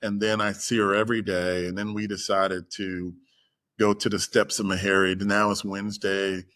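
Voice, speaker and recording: A man telling a personal story in a casual chat, acting out the people he quotes with lively shifts in voice. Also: fairly low pitch, normal speed. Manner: animated, acts out quoted voices. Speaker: guest storyteller.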